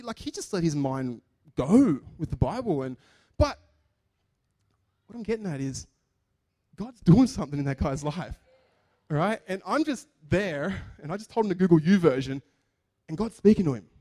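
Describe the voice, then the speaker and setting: A man's voice: a little high, normal speed, long pauses. A man preaching a sermon in a chatty, joking way, acting out the people in his stories. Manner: animated, chatty, jokes and acts out quotes. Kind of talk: sermon with storytelling.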